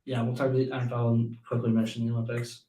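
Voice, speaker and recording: A man's voice: mid-range voice, monotone, very fast, warm tone. A young man co-hosting a sports podcast in loose casual chat, hesitant and steering the talk. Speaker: podcast co-host. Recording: echoey room, mic at a distance.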